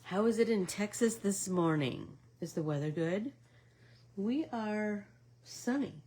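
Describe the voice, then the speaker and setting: A middle-aged woman hosting a casual embroidery stitch-along livestream, chatting while she stitches and drifting into soft asides. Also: mid-range voice, animated, measured pace, slight background noise.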